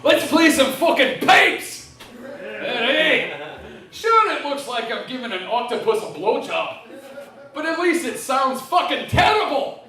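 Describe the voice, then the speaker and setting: A man voicing a rowdy, boastful Scottish bagpiper, shouting in a mock Scottish accent. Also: very high-pitched, sing-song, unhurried, recorded from a distance, voice pushed up, heavily acted. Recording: echoey room heard from afar.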